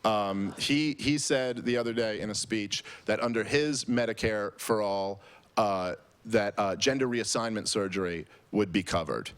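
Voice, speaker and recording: A man's voice: lowish voice, measured pace, smooth. A man doing a stand-up comedy set at a live show, telling a rambling story with many fillers and restarts.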